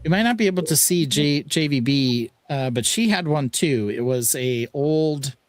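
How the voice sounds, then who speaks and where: A man's voice: fairly high pitch, animated, normal speed, dry recording. A man hosts a live stream in casual chat and drops short, wry remarks. His voice is dead dry, with no room sound around it. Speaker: stream host.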